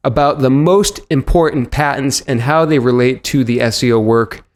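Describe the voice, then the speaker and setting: A man hosting a podcast, giving an energetic, upbeat intro to his episode. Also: mid-range voice, moderate pace. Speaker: podcast host.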